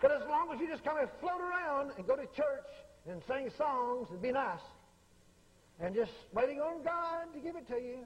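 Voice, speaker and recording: A man preaches a revival sermon in a bold, emphatic manner, repeating his key phrases. His voice sits very high and swings widely in pitch. Long reverb from a large hall trails each line. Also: animated, normal speed, slight background noise.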